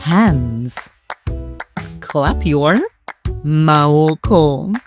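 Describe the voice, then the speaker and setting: Slow sing-song woman teaching toddlers. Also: sits low, expressive, music in the background. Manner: slow, sing-song, repeating each word. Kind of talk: slow flashcard-style word lesson for children.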